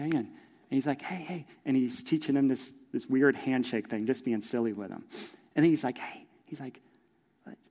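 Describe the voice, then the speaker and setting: A middle-aged male pastor telling a story in a sermon, acting out voices and swinging from hushed asides to loud emphasis. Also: on the high side. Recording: long reverb of a large hall.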